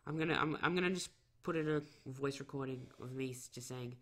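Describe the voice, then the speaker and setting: Brief: man gamer, casual rambling let's play talk, mid pitch, desk mic. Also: a little fast, a bit bright. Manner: rambling, lots of self-corrections and fillers.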